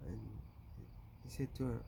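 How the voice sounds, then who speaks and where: A man's voice: moderate pace, warm tone, a little hiss or hum. A man with a Jamaican accent, vlogging a rambling casual story on his channel and filling it with "you know.". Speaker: YouTuber.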